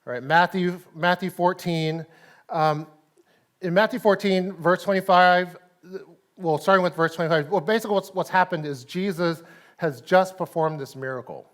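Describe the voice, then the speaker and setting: A man with a Texan accent preaching a casual sermon at a church service, chatty, laughing often and checking in with "right?". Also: on the high side. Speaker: pastor.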